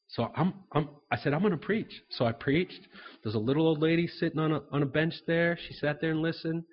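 An earnest male preacher recounting stories from the pulpit, often doubling back on his words and voicing the people he met. His voice is husky and mid-pitched. The recording sounds dull and muffled. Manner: earnest storytelling, repeats words, acts out dialogue. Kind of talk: sermon with personal stories.

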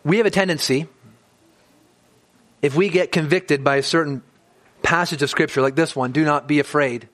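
Male pastor, high register, earnest sermon delivery in church, swells then drops low. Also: moderate pace, pauses often, a bit bright. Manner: earnest preaching, building to emphatic peaks then dropping low.

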